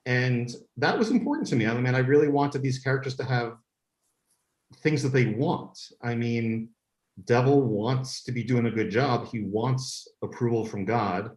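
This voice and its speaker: A man's voice: mid-range voice, normal speed. A man who is a guest on a podcast, a series creator, telling stories with enthusiasm and frequent restarts. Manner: enthusiastic storytelling, many restarts. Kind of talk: casual podcast interview. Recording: echoey room.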